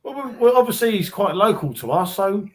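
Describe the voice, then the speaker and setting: A man's voice: high voice, expressive, brisk. A man in casual chat on a beer stream, bantering, mocking and swearing.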